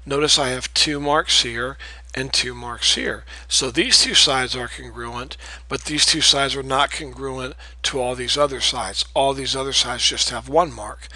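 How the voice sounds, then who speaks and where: Male teacher, bright tone, dry close sound, patient, repeats terms. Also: medium pitch, a little slow, no echo, rough recording. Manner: patient, repeats key terms, checks in with "okay?". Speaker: math teacher. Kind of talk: recorded classroom lecture.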